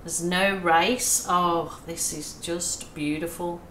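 An Australian woman talks unhurriedly through her painting, her voice a touch low and calm. She coaches gently and pokes fun at herself. The room is echoey, with a faint hum of ambience behind her. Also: takes it slowly. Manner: chatty, self-deprecating, soothing coaching. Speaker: acrylic pouring artist. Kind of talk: casual painting tutorial chat.

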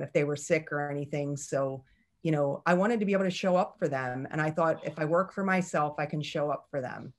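A middle-aged woman giving a candid, chatty talk about her own journey, laughing often. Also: deep voice. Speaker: speaker. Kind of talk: personal story talk.

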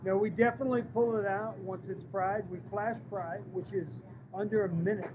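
A man's voice: high-pitched, steady tone, a little fast. A restaurant chef talking proudly about how his dishes are made, agreeable and promotional. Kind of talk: explaining his dishes to a host. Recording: muffled audio with background noise.

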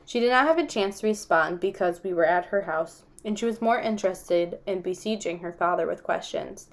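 A woman reading chapters of a novel aloud in a calm, even storytelling voice. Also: on the low side, normal speed. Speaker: audiobook reader.

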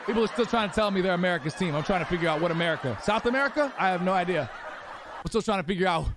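Playing a football video game live, this young streamer talks casually with his audience, reading their messages aloud, giving shout-outs, and ribbing them. He speaks in a high-pitched, expressive, rapid-fire way, with the game's crowd noise and commentary audible in the background of his home setup.

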